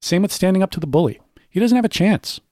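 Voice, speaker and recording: A man's voice: high-pitched, expressive, quick pace, darkish tone, no echo, clean studio sound. A man speaking as a podcast guest, working methodically through his notes and building each point with examples. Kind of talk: conversational podcast discussion.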